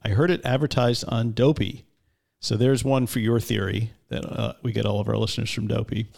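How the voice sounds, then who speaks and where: Give me a self-deprecating man co-hosting a podcast, with a gravelly voice. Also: medium pitch, steady tone, brisk, a little mellow. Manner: laughs often, self-deprecating. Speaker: podcast co-host. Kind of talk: casual chat.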